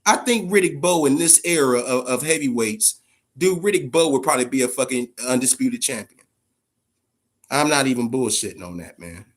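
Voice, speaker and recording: A man hosting a boxing channel in casual live-stream talk, animated and profane, dropping "man" at the end of nearly every phrase. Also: mid-range voice, moderate pace.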